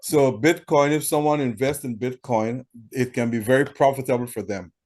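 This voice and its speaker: A man's voice: mid-range voice, normal speed, a little mellow. A man interviewing a guest, prompting with short conversational questions.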